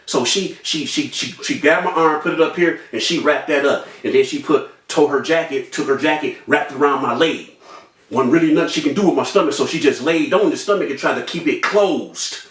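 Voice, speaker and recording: A young man telling a personal story in an animated way, acting out voices and sound effects with street slang. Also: on the high side, brisk, recorded from a distance. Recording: echoey room, off-mic.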